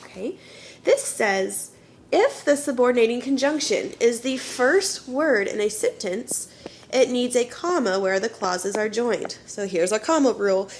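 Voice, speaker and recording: Lively in intonation but a little slow, her fairly high voice guides children through grammar, with some faint background noise. As an elementary school teacher, she explains each step patiently and keeps asking "okay?".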